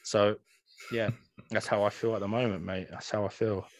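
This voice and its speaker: Laid-back guy, low and dry. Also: flat delivery, moderate pace, no room sound. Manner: laid-back, sweary, says "man" a lot. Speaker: podcast co-host. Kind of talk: casual chat. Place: home room, green-screen beach backdrop.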